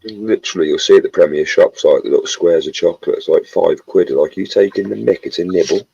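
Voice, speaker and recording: Low, gravelly, husky man from England, casual jokey chatter, dull lo-fi recording. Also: fast, mellow. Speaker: co-host. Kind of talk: casual chat. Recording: dull, lo-fi sound.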